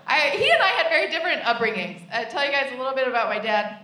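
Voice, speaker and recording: Animated woman doing stand-up comedy. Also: sits high, fast, few pauses. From United States. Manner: deadpan, repetitive punchlines. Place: live stage. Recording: echoey live venue, distant mic, noise.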